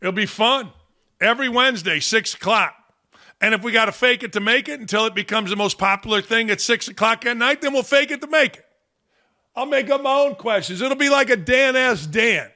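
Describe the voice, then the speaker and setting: A man's voice: extremely high pitch, fairly quick, sharp tone. A man hosting a sports talk show, ranting bluntly and scornfully in an exasperated way. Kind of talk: opinionated podcast rant.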